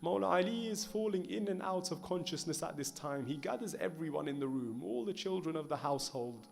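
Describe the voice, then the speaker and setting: A man's voice: a little high, lively intonation, fairly quick, vocal fry, slight background noise. A man giving a mournful sermon recitation, telling the story in emotive, rhythmic phrases that repeat. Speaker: religious speaker.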